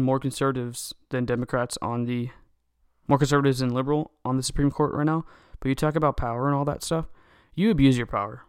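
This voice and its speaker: A man's voice: medium pitch, clear, resonant tone, no room sound, clean studio sound. A young man delivering a solo opinion rant, agitated and indignant, often repeating words and restarting sentences. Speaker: political commentator.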